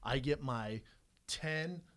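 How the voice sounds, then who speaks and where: A man's voice: medium pitch, takes it slowly, fairly bright tone. A man in his thirties co-hosting a podcast, talking bluntly and swearing on a studio mic. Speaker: podcast co-host. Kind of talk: casual debate.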